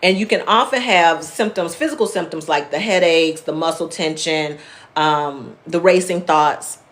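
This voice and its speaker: A woman therapist runs a live wellness class, speaking in a deep, slightly bright voice at a moderate pace. Her teaching is casual and plainspoken, and she answers viewers' comments by name as she explains.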